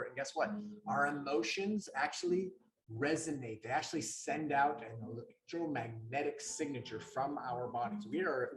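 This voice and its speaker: A man co-hosting a wellness show who gives motivational coaching talk and often checks in with his listeners. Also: medium pitch. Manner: explanatory, often checks in with "right?". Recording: roomy, echoey room.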